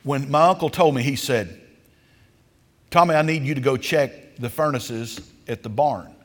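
A man's voice: mid-range voice, normal speed. Man, preacher, homespun storytelling sermon, emphatic swells, long hall reverb. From rural countryside.

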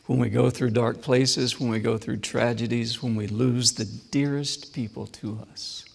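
A man's voice: medium pitch, steady tone, creaky, husky. Preacher man in a reverberant hall. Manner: dramatic swings from loud emphasis to hushed near-whisper; slow, deliberate, repeated phrases. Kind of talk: sermon with personal testimony.

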